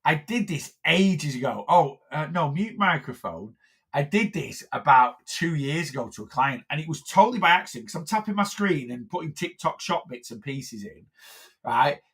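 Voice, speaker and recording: A man's voice: a little high, expressive, normal speed, a bit bright, husky. A man, a weight loss coach, chatting casually on a phone live stream, rambling with lots of fillers and restarts.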